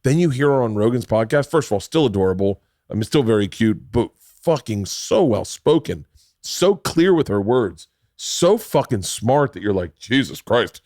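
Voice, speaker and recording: A man's voice: medium pitch, very animated, normal speed, warm tone, no echo, clean studio sound. A middle-aged man hosting a casual podcast chat, rambling and swearing freely, talking over others. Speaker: podcast host.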